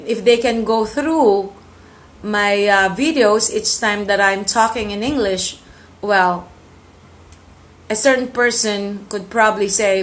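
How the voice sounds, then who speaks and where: A woman's voice: medium pitch, a bit bright. A woman from the Philippines with a Filipino accent whose first language is Ilocano, hosting her channel in a rambling casual monologue that mixes English and Tagalog. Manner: rambling, with many fillers and repeated phrases. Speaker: channel host.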